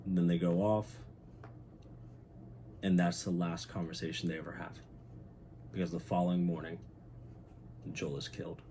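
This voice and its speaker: A young man with a very low voice talks through a TV episode in a loose, excited vlog style. He swears freely and turns heartfelt, and a faint hiss sits under his voice. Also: normal speed, pauses often. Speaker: channel host. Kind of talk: casual episode recap.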